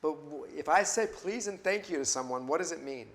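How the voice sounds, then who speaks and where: Leading a Bible study class, a man speaks conversationally in a slightly high, animated voice at a fairly quick clip, asking the group questions and frequently restarting his phrases.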